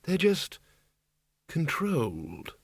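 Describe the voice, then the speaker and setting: A man's voice: on the high side, wildly swooping pitch, drawn-out words, creaky, husky, dry recording, pitched above the performer's own voice, exaggerated voice. A man reading a mild elderly undead wizard. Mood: urgent. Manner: mild, patient, reasoning.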